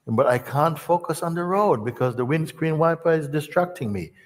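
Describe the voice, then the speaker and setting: A man's voice: medium pitch, fairly quick, gravelly, darkish tone, husky, long reverb tail, voice pushed up. A man voicing a panicky young male learner driver who pleads nervously and sounds flustered. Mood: panicky, pleading.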